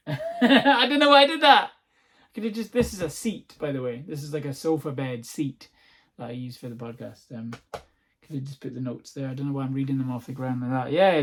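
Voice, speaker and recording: A man's voice: mid-range voice, a little mellow. A young Scottish man from the north-east, hosting a solo comedy podcast at home, rambling, swearing and laughing easily. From north-east Scotland. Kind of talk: casual solo podcast monologue. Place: at home on a sofa-bed seat.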